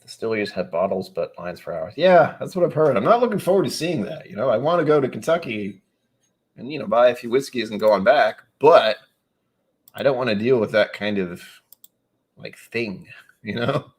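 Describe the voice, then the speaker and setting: A man from New England chatting casually on a live stream. He reads out viewer comments and rambles along with wry, sudden animated asides. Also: medium pitch, normal speed, husky.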